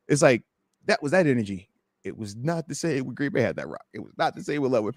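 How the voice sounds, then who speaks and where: A man's voice: mid-range voice, big pitch swings, fast talker, no echo, clean studio sound. A man, a former pro football player, talking football with passion on a live podcast and acting out voices of players and fans. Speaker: former NFL player and guest analyst.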